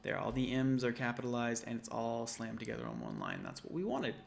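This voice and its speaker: Man, programming tutor, casual coding walkthrough, gravelly voice, loud typing noise. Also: medium pitch, sing-song, brisk. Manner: casual, thinks aloud, corrects himself as he types. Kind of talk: screen-recorded coding walkthrough. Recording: typing and keyboard clicks behind.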